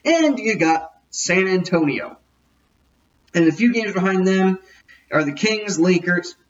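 A man's voice: high-pitched, lively intonation, a little slow, recorded from a distance, dull audio. A man hosting a casual sports podcast, jokey and rambling, often correcting himself. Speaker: podcast host.

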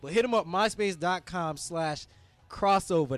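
A man's voice: high voice, measured pace, no room sound. A man hosting a casual studio talk show, joking and laughing often. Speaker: host.

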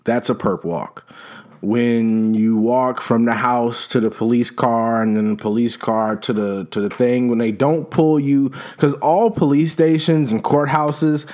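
A man's voice: medium pitch, little pitch movement, measured pace, darkish tone. A man hosting a casual comedic rant, rambling and profane, with lots of restarts and "you know what I'm saying".

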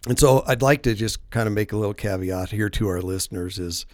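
On a laid-back faith podcast, the male host speaks in a fairly low voice and at a fairly quick clip, spinning long, self-mocking stories packed with fillers and false starts. The sound is close-miked and dry, with no echo or room tone.

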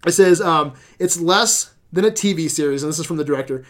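A man's voice: on the high side, a little fast. A man hosting a casual podcast chat, retelling a show scene by scene with lots of swearing. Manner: animated storytelling with swearing and laughs. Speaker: podcast host.

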